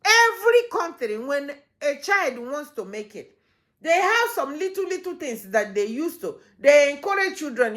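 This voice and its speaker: A woman giving a reaction commentary, making impassioned appeals with her voice swinging between loud and soft. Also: high voice, big pitch swings, moderate pace.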